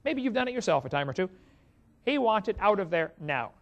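A man with a high, bright-pitched voice preaches in an animated, folksy way and keeps turning to his audience. The recording sounds dull and lo-fi, as if it came from an old tape. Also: fairly quick. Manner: folksy, animated storyteller who speaks to the audience directly. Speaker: evangelist. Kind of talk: storytelling sermon to an audience.

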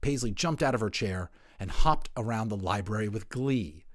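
Animated man reading a picture book. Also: fairly low pitch, moderate pace, no room sound, clean studio sound. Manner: animated, chatty asides. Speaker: voice actor narrator. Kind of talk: children's book read-aloud.

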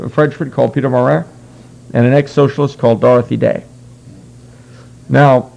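A man's voice: medium pitch, vocal fry, darkish tone, poor audio. A man giving a conversational history lecture as a guest, explaining earnestly with wry asides. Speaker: guest speaker.

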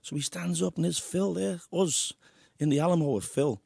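Brief: English host, gravelly husky voice, chatty storyteller. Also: male voice, on the high side, normal speed, dark tone, dry recording, clean studio sound. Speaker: host and musician. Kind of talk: casual interview chat.

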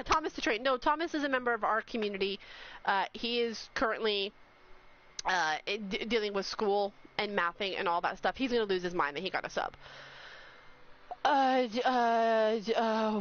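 A woman streamer, talking to her live chat in an excited, overwhelmed rush of exclamations. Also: medium pitch, normal speed. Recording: slightly dull sound with faint noise.

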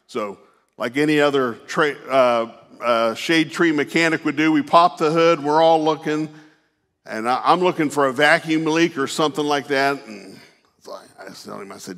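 A man delivers a sermon in a church, his voice sitting a little high for a man. He talks in a folksy, easygoing way, full of "uh"s and restarts. The sound rings out with the long reverb of a large hall. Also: fairly bright tone. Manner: folksy, unhurried, with frequent fillers and restarts. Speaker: pastor. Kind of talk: conversational sermon with personal storytelling. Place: church sanctuary.

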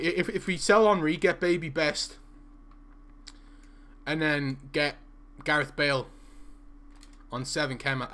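A young man, his voice a touch on the high side, talks loosely through a live gaming stream. He jokes and reads out viewer messages as he goes. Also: a bit bright. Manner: chatty and joking, reading out viewer messages.

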